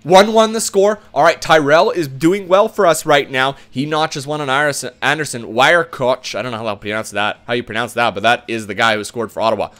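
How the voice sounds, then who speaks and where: A young man commentating his own video game play-by-play, swinging from hushed tension to loud cheering. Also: medium pitch, brisk, hardly any pauses. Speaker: gaming commentator.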